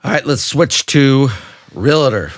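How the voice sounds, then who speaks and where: A man's voice: medium pitch, slow pace, dry recording, studio quality. A middle-aged man hosting a casual interview podcast, telling stories and acting out quoted dialogue. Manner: animated storyteller, acts out quoted dialogue. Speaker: podcast host.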